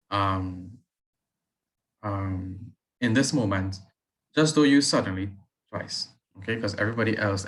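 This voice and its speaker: A man teaching, reading a student's story aloud with deliberate pauses and stopping to give writing feedback. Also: lowish voice, fairly bright tone, low-quality recording. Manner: reads slowly with deliberate pauses, then comments briskly.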